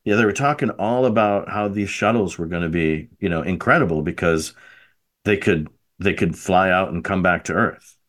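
A man's voice: low voice, normal speed, a bit bright. A middle-aged man hosting a podcast, chatting casually and thinking aloud. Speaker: podcast host. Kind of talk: casual chat.

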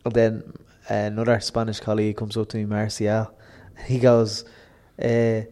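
A man's voice: fairly low pitch, monotone, moderate pace, hardly any pauses, mellow. A man with a Dublin accent co-hosting a podcast, telling rambling stories and tripping over his words. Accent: Irish, Dublin. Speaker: podcast co-host. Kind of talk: casual chat.

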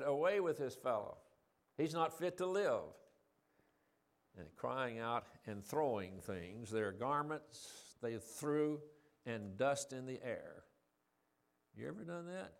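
A man's voice: mid-range voice, gravelly. A man giving a sermon, reading scripture and explaining it in a conversational way, asking the listeners questions and raising his voice for quoted lines. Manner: conversational, asks the audience questions; reads scripture quotes in a raised voice. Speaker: preacher.

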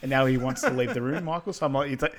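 A man's voice: mid-range voice, rapid-fire. A man co-hosting a podcast, chatting casually and easygoing about a movie scene. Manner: relaxed, easygoing, short agreeing replies. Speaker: podcast co-host. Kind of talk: casual film recap chat.

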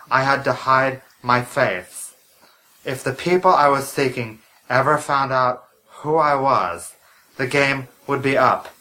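A man voicing a secretive masked man of power, speaking slowly and solemnly in a comedy audio drama. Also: medium pitch, sharp tone, pitched below the performer's own voice, rough recording.

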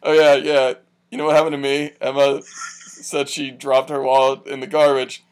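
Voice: mid-range voice, flat delivery, moderate pace. A podcast co-host in casual chat about a TV show, joking and laughing often.

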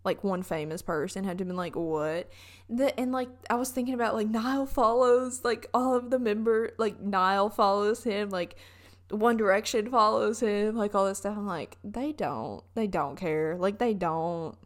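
A woman's voice: mid-range voice, normal speed. A young woman with a Southern US accent, chatting casually in a vlog and telling stories with lots of fillers.

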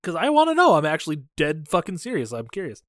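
A man's voice: on the high side, wildly swooping pitch, quick pace, fairly bright tone, dry recording, studio quality. A man in his thirties co-hosting a casual movie podcast, ranting and swearing freely. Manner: profane, ranting, opinionated. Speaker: podcast co-host.

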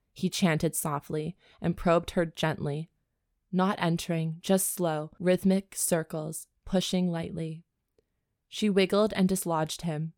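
A woman's voice: fairly low pitch, steady tone, slow pace, a little mellow, no echo, studio quality. A woman co-hosting a comedy podcast, reading a romance novel aloud and breaking off for bawdy, joking asides. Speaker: podcast co-host and reader.

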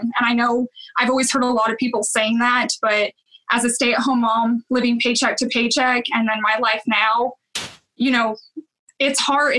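Southern woman chatting in an interview, bright tone, earnest, laughs a lot. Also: fairly high pitch, rough recording. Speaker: cleaning video creator, guest. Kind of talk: casual interview chat.

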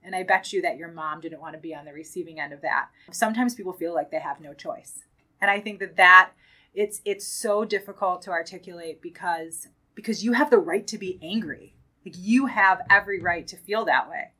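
A woman's voice: lowish voice, fairly quick, sharp tone, rough recording. A woman hosting a podcast, talking in an earnest, emphatic conversational way with many casual fillers. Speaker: podcast host.

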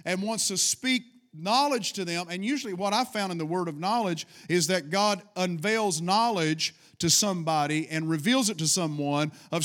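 A man's voice: sits high, fairly bright tone. A middle-aged man preaching a fervent sermon to his congregation and calling for responses. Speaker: pastor.

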